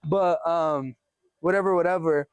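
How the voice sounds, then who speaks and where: Young guy with a high voice, animated casual storytime, cussing and laughing, dead dry sound. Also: unhurried, clean tone, no room sound. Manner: animated, swears a lot, laughs while telling. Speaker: vlogger.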